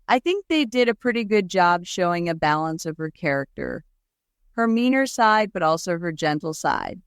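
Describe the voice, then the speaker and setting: A woman's voice: fairly low pitch, sing-song, normal speed, clean tone, no echo, studio quality. A woman co-hosting a podcast, talking through a film adaptation in a chatty, reflective way. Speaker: podcast co-host. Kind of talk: casual chat.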